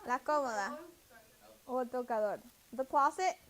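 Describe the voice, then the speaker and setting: A woman's voice: sits high, normal speed, a crowd in the background. A woman teaching a classroom vocabulary lesson, patiently drilling words and correcting pronunciation. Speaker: Spanish teacher.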